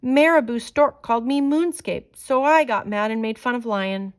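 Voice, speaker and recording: A woman's voice: on the high side, moderate pace, smooth, voice pushed up, natural voice. A woman voicing an embarrassed bald male vulture in a storybook. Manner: ducking, embarrassed.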